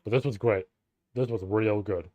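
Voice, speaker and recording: A man streaming a live read-through of a novel, reading passages and breaking off into casual, profane, excited reactions. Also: lowish voice, moderate pace, no room sound, muffled recording.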